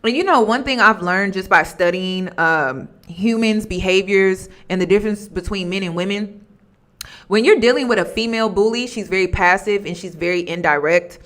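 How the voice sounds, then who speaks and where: A woman's voice: medium pitch, moderate pace, fairly bright tone. A woman vlogger giving casual commentary, candid and emphatic, repeating her points.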